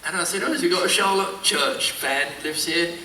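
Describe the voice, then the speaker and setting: A man's voice: sits high, moderate pace, pushed and bright, slight background noise. An older man chatting as a convention panel guest, telling rambling anecdotes full of false starts, recorded at a distance in an echoey hall. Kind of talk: casual panel chat.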